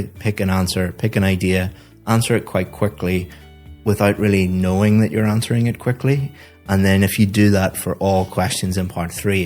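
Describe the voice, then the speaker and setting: A man with a very low voice works through a student's speaking test point by point. He stays calm and methodical and often repeats a word while he finds the next one. Soft music plays underneath. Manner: calm, methodical, repeats words when thinking. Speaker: IELTS teacher giving feedback. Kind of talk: speaking test feedback and course promo.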